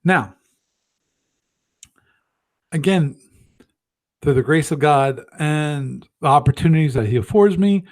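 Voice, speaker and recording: A man's voice: on the high side, slow, pauses often. A man hosting a live stream, chatting casually and thinking aloud, with frequent restarts and self-deprecating asides. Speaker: host of a gaming livestream.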